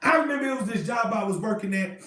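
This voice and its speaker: Man, preacher, very high voice, fervent, shouting, echoey room, distant mic. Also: expressive, fast, background noise. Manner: fervent, repetitive call-and-response preaching, often shouting. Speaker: minister leading an online Bible study. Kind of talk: preaching sermon with personal testimony.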